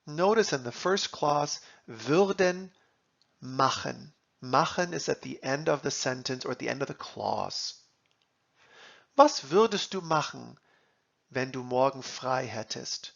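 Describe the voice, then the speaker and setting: A man teaching German grammar, reading example sentences and translating them in a slow, deliberate lesson. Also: mid-range voice, lively intonation, creaky, fairly bright tone, dull audio.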